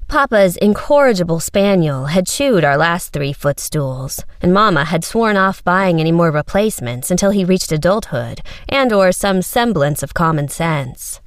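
A woman's voice: on the low side, no echo. Dry-voiced woman reading a story. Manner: dry, wry, measured storytelling. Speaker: narrator. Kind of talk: scripted fiction narration.

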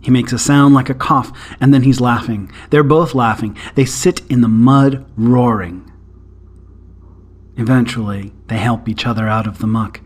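Guy reading a short story, calm even narration, middle pitch voice. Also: moderate pace, breathy edge.

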